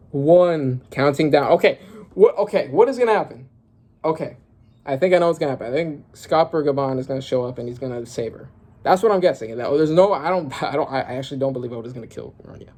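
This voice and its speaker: A young man reacting casually to a comic while reading it aloud, excitable and slangy, thinking aloud with lots of fillers. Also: mid-range voice, fast talker. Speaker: manga reaction creator.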